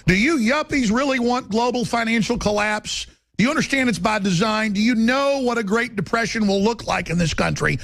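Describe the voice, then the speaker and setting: A man's voice: very high voice, a little fast, vocal fry, hardly any pauses, a bit bright, no echo, studio quality. A man with a Texas accent, hosting a radio talk show and ranting through a combative, sarcastic, rambling monologue.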